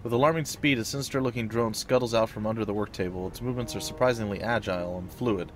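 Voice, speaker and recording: A man's voice: on the low side, fast talker, a little hiss or hum. A man hosting a let's play, reading the game's narration aloud and dropping in casual asides.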